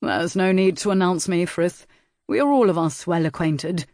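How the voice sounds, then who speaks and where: A man reading an audiobook and voicing a disgraced young viscount who speaks calmly and unperturbed. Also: high-pitched, normal speed, no room sound, studio quality. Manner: calm, unperturbed.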